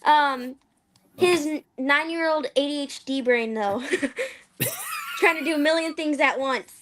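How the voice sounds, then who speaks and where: A teenage girl with a high voice, chatting as a guest on a live stream. She tells her stories eagerly and laughs easily. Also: wildly swooping pitch, slow pace, noisy background. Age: teens. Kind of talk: casual chat.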